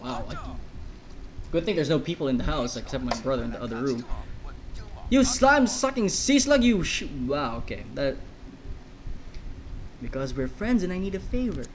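A man's voice: mid-range voice, expressive, moderate pace, pauses often, a little hiss or hum, rough recording. A man giving casual let's-play commentary, rambling between jokey asides.

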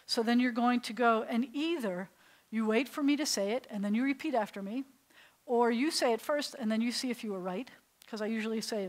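A middle-aged woman rabbi teaching a beginners' Hebrew class, patient and playful, slowly sounding out syllables for students. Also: on the high side, low-quality recording. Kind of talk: classroom language lesson.

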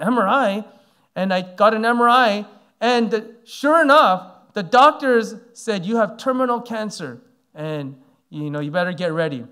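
Guy in his 40s preaching, high voice, rambly with lots of "like" and "you know". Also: fairly bright tone. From Canada. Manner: rambling storytelling, many fillers. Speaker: pastor. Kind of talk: sermon. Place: church sanctuary.

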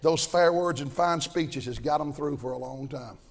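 An older man preaching a fiery sermon, folksy and impassioned, swinging from shouts to low asides. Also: normal speed. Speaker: pastor. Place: large church auditorium at a conference. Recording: long reverb of a big hall.

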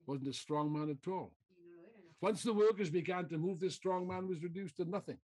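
A man's voice: high-pitched, normal speed, darkish tone, breathy edge. A man giving a political speech to a meeting, emphatic, repeating phrases and throwing out rhetorical questions. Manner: mocking mimicry of opponents. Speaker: political speaker.

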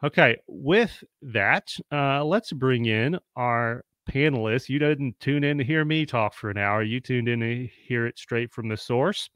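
A chatty, upbeat man hosts a live-streamed panel and greets viewers by name. His voice is smooth and resonant. The sound is dry and close. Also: mid-range voice, measured pace, hardly any pauses, a bit bright, dry recording. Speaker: host.

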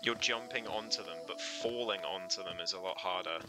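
A man's voice: low voice, a little fast, over music. A man chatting casually as he streams a video game, reacting aloud and laughing often. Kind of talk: casual live gameplay commentary.

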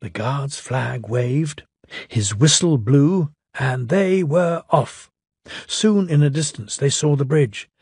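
A man reading a children's storybook aloud in a lilting, expressive way. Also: medium pitch, takes it slowly, husky, no room sound, clean studio sound. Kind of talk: storybook narration.

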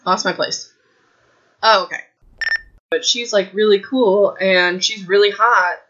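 A woman hosting a podcast from home with a hoarse, raspy throat, chatting in a rambling, self-mocking way and saying "like" a lot. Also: mid-range voice, unhurried, a bit bright, muffled recording, a little hiss or hum. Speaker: podcast host. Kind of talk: casual chat, rambling book summary.

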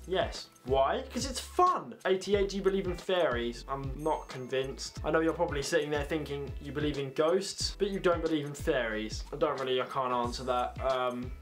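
A young man from the UK in a casual vlog, reading out questions and answering them quickly with offhand jokes. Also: mid-range voice. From United Kingdom. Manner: joking, offhand, reads questions aloud then answers quickly. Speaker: YouTuber.

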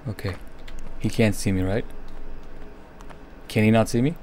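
Young guy streaming a scary game, lowish voice, nervous and jumpy, keeps whispering, faint hum behind. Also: unhurried, a little mellow. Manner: jumpy, nervous running commentary; often drops to a whisper. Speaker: gaming streamer. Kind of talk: horror game commentary.

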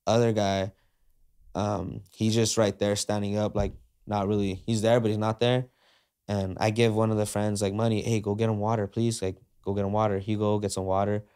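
Man, podcast guest, lowish voice, slangy casual storytelling, acts out dialogue. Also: smooth. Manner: slangy, animated retelling that acts out quoted dialogue; frequent fillers like "like" and "uh".

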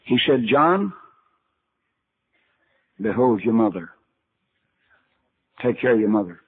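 Folksy older preacher on a tinny recording. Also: male voice, on the low side, big pitch swings, takes it slowly, breathy edge. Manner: folksy storytelling, acting out Bible dialogue. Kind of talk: sermon. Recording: tinny archival sermon recording.

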